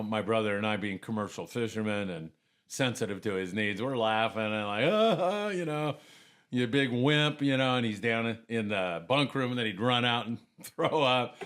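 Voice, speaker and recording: A man telling stories as a podcast guest in a casual, animated way. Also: fairly low pitch. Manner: animated, acts out quoted voices, chuckles often. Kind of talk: casual storytelling.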